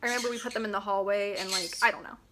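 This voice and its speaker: A woman's voice: medium pitch, fairly even intonation, racing, very noisy. A young woman vlogging in a casual, chatty way, reading her old school papers aloud with giggles and self-mocking asides. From Pennsylvania, US.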